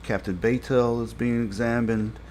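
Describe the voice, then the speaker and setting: A man's voice: medium pitch, little pitch movement, moderate pace, a little mellow, slight background noise. A man giving a casual spoken review of a TV episode. He rambles with many fillers and grows exasperated when he complains.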